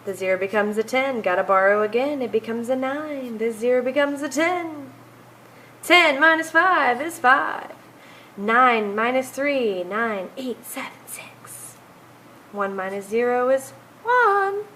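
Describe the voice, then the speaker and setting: A woman teacher talks through math homework at an unhurried pace, counting down numbers aloud as she works each problem. Her voice sits a little high and sounds bright and clear. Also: expressive, slight background noise, low-quality recording.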